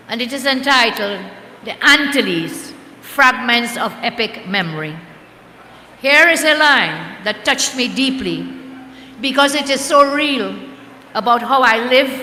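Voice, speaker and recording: A woman's voice: fairly high pitch, sharp tone, slight background noise. An older woman giving a rousing campaign rally speech as a party leader, rhetorical and chanting slogans. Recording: echoey hall with crowd ambience.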